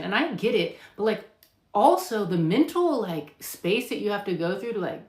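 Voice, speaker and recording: Speaking quickly with an expressive, darkish mid-range voice, a woman nurse practitioner takes viewer questions live. She chats emphatically, fills her speech with fillers, and plays out patient lines in an echoey space.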